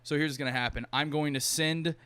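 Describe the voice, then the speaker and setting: A man quoting a calm, scheming male tycoon villain in a lowered, quieter voice. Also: fast, smooth, dry recording. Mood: cool.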